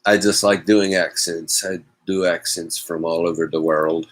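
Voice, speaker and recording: A man's voice: sits low, fairly even intonation, unhurried, poor audio. A man hosting a casual solo chat show from home, rambling and wry with self-mocking asides. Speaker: host.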